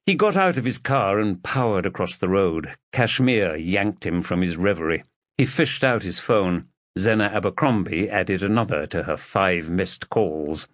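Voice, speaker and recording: A man narrating an audiobook in a steady, measured storytelling voice. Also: low-pitched, no echo, highs cut off.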